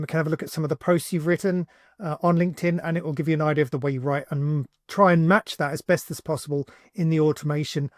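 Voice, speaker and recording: A man hosting a software tutorial, talking casually and thinking aloud with fillers as he builds something on screen. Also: a little high, dry recording, studio quality. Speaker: tutorial host, agency owner.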